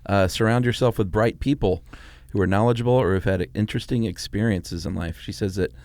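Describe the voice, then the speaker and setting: A man's voice: fairly low pitch, brisk, a little mellow, no echo. A middle-aged man co-hosting a podcast in easygoing casual chat, laughing often. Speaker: podcast co-host.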